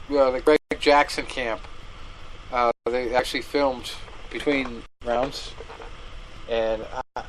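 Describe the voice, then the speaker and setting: Man, casual fight talk, animated, laughs a lot, faint hiss behind. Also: medium pitch, rough recording. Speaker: co-host. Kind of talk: casual fight recap chat.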